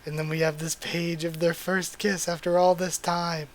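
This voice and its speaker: A man hosting a live manga reading and reaction, excited and gushing as he talks through the pages. His voice sits a little on the high side for a man. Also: normal speed. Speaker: channel host.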